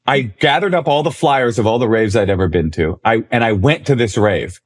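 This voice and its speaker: A man in his forties, a comedian guest, telling a story in a conversation, animated and self-deprecating. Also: medium pitch, a little fast.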